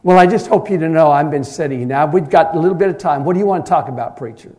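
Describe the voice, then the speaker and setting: A man's voice: fairly high pitch, a little fast, voice pushed up, close to an everyday voice. A man putting on a surly whiny teenage girl. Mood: surly indignant. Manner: whiny, indignant, loud. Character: surly sulky teenage girl, about sixteen.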